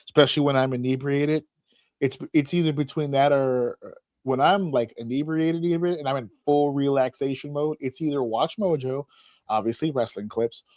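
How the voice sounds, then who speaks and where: A man's voice: medium pitch, normal speed, no echo, studio quality. A man co-hosting a casual podcast, telling funny stories with lots of swearing and acted-out voices. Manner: animated storyteller, acts out voices, swears freely. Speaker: podcast host. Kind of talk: casual comedic chat.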